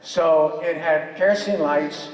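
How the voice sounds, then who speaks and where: An older man with a fairly high voice tells opinionated, joking stories to a convention crowd. He sounds far from the mic in a big echoing hall, and there is a murmuring audience behind him. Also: fairly even intonation, takes it slowly. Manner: joking, opinionated storytelling with laughs. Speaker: convention panel guest. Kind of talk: animated convention panel talk. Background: audience reactions.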